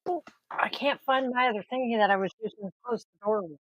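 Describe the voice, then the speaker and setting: A woman's voice: a little high, quick pace, no echo, muffled recording. A woman chatting casually to her viewers while setting up a tarot reading, sleepy and groggy, easygoing and self-deprecating.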